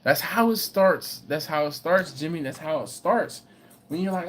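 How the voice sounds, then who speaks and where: A man's voice: fairly high pitch, a little slow, slight background noise. A middle-aged man, hosting a casual livestream and telling stories while reading viewer comments aloud. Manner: storytelling, reads chat aloud, animated when excited. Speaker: BBQ channel host.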